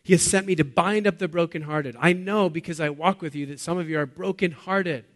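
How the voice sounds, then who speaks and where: Man, pastor, sermon, fairly high voice, animated, asks the congregation questions. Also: fairly quick. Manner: animated preaching, swinging from loud bursts to quiet low lines.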